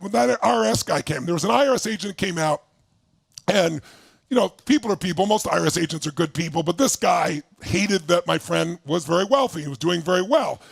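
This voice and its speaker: Middle-aged male speaker, gravelly and husky, dry close sound, lively storyteller. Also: high-pitched, no room sound. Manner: animated, shouting while acting out angry quotes. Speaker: motivational speaker. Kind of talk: storytelling talk to an audience.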